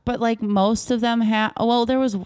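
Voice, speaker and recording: A woman's voice: a little high, fairly even intonation, moderate pace, a little mellow, clear, resonant tone, dry recording. A young woman comedian telling candid, profane stories in a casual podcast chat, with lots of "like". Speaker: comedian guest.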